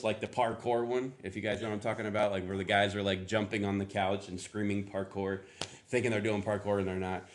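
A middle-aged man preaching a casual sermon, rambling and chatty as he coaxes answers from the congregation. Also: on the low side. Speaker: pastor.

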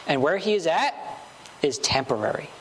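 Preacher, male, slightly high voice, earnest repetitive sermon delivery, faint background hiss. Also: very animated, moderate pace. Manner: earnest, building emphasis with short repeated phrases.

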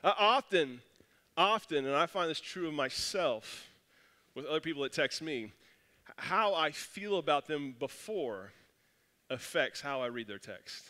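A man's voice: on the high side, animated, measured pace, bright, forceful tone. Self-deprecating male pastor in reverberant hall. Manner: casual, self-deprecating, storytelling with many restarts. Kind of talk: conversational sermon.

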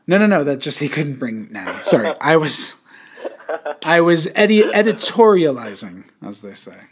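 A man's voice: a little high, very animated, moderate pace, crowd noise. A young man from the suburbs of New York City hosting a podcast, telling crude jokes in casual chat. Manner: crude joking, puts on an old-timey voice. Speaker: podcast host.

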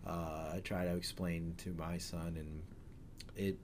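A man's voice: low-pitched, flat delivery, unhurried, a little mellow, a little hiss or hum. A middle-aged man hosting a podcast, chatting casually in a rambling way with frequent self-corrections and jokes. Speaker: podcast host. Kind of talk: casual chat.

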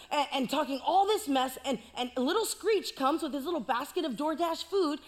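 A woman's voice: high voice, expressive, moderate pace, hardly any pauses, fairly bright tone. A woman preaching a sermon, telling the story playfully with jokes and asides.

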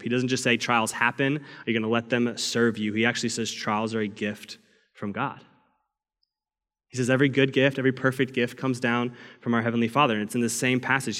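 Young male pastor, mid-pitched voice, sermon storytelling, long hall reverb. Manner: storytelling, rising to loud acted cries.

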